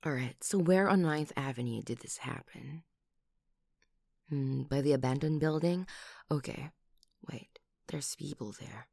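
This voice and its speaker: A woman voicing a doting, protective lover who kills for her partner, in a whispered role-play with breathy whispers and sudden loud outbursts, close to the microphone. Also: a bass voice, measured pace, no echo, heavily acted. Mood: doting worried.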